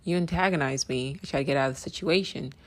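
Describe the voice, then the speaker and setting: A woman's voice: low voice, fast. A woman hosting a podcast who talks bluntly, repeats her points for emphasis and keeps checking in with "right?". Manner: emphatic, repeats phrases, asks "right?" often; blunt, swears freely. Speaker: podcast host. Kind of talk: casual opinion monologue.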